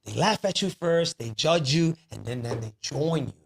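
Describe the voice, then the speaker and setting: A man's voice: on the high side, expressive, moderate pace, gravelly, slight background noise. A man on a podcast talking earnestly about changing habits, preachy, dropping in Spanish phrases. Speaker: podcast host. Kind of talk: casual podcast chat.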